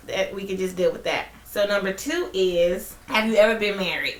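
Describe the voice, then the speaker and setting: Woman podcast co-host, mid pitch, playful and joking, echoey room. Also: fairly bright tone. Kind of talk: casual podcast chat.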